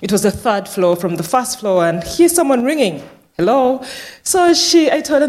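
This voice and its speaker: A woman who works in care gives her testimony at church, telling her story in a lively way and acting out the dialogue. Her voice is a little high, at a moderate pace.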